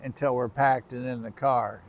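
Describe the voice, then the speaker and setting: A tired middle-aged man hosts a nighttime railfan livestream from trackside, chatting casually with his viewers. His mid-range voice moves at a normal speed with fairly even intonation. Crickets and insects chirp in the background.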